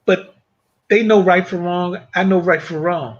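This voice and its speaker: A man with a fairly high voice speaks as a panelist in a reflective faith discussion. He talks in a thoughtful, measured way. The audio sounds dull and lo-fi. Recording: muffled lo-fi audio.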